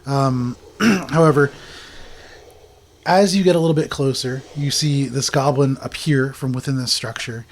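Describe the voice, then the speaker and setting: A man narrating as game master in a tabletop game, describing scenes with relaxed fillers. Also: mid-range voice, a little slow, a little hiss or hum.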